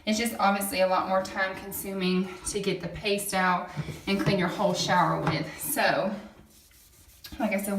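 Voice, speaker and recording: A product demonstrator chats her way through a how-to, explaining while she scrubs her bathroom at home. Her voice is mid-range with slight background noise, and the camera is set back, leaving an echoey, distant tiled-bathroom sound.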